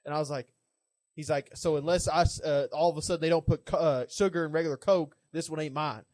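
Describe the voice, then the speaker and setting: A man's voice: on the high side, steady tone, quick pace, a little mellow, dry recording. A young man co-hosting a casual podcast, rambling through stories and getting fired up over his opinions. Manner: rambling storyteller, gets fired up. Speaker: podcast co-host. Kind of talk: casual chat.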